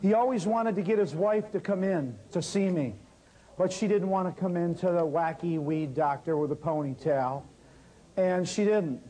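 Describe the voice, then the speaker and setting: A man's voice: high voice, normal speed, poor audio. A man teaching a natural healing workshop, telling a story and talking straight to his audience. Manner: lively, talks straight to the audience.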